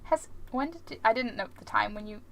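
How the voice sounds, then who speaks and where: A woman streaming a game, chatting casually with her viewers and tossing out puns as she plays. Her voice is high and bright, with an easy, playful manner. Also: brisk, vocal fry. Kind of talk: casual live-stream chat while gaming.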